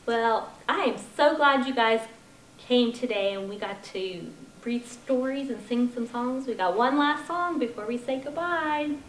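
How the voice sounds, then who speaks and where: A woman's voice: on the high side, measured pace, a little hiss or hum. A woman at a children's library story time, reading a picture book aloud in a sing-song voice and asking the children questions. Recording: echoey library room.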